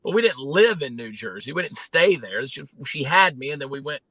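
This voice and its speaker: A man from Georgia with a Southern accent, telling stories in a folksy, animated way with plenty of fillers as an interview guest. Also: mid-range voice, brisk, dry recording, rough recording. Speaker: guest, comedian and candidate. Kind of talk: casual interview talk.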